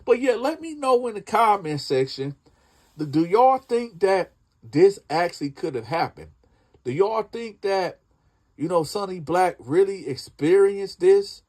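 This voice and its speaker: A man with a high voice telling a prison story in a loose, casual way. He chats and turns to address his audience directly between bits of the tale. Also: big pitch swings, unhurried, darkish tone. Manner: chatty, addresses listeners directly.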